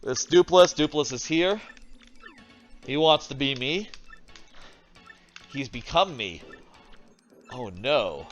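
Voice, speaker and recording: A man's voice: mid-range voice, animated, takes it slowly, long pauses, lo-fi sound, faint music behind. A man casually commentating a video game stream from his home desk, rambling and thinking aloud, swearing now and then. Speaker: streamer playing video games. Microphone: desk microphone.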